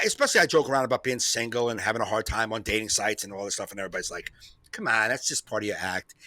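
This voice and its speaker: Bright-voiced man telling a rambling story. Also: medium pitch, dry recording. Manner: rambling, repeats himself, laughs often. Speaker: comedian podcast host. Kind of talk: casual storytelling chat.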